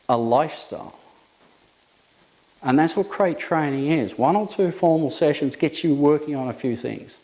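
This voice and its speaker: A man's voice: medium pitch, a little mellow, rough recording. A man, an emphatic dog trainer explaining methods with repetitive phrasing. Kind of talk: instructional talk to camera.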